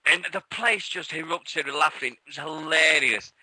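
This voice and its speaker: Bright-voiced British man telling stories. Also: a little high, moderate pace, no room sound, poor audio. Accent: British English. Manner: excitable, laughing storyteller who swears freely. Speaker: radio show co-host. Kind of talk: casual chat.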